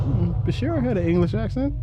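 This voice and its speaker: Brief: a laid-back man co-hosting a podcast, with a somewhat high voice and a wisecracking casual manner. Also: expressive, brisk, highs cut off, music in the background. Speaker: podcast co-host. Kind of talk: casual chat.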